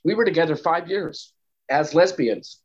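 Rambling man, slightly high voice. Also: animated, moderate pace, slightly rough, highs cut off. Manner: rambling, full of "you know" and "like". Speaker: interview guest. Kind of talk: candid personal storytelling.

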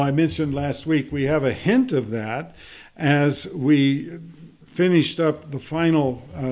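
A man preaching a sermon to a congregation, speaking in a measured way with frequent fillers and reading scripture aloud. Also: medium pitch, darkish tone. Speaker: pastor.

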